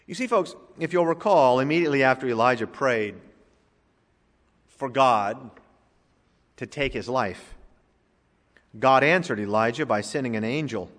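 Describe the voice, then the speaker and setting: A man preaching a sermon as pastor, moving from soft asides to loud, emphatic lines. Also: medium pitch, measured pace, pauses often, big-room sound.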